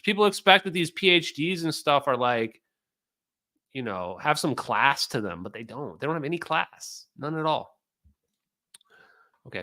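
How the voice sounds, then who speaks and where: A man's voice: a little high, sharp tone. A man hosting a livestream, reacting to a clip in a mocking, profane way and talking to his chat. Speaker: streamer host.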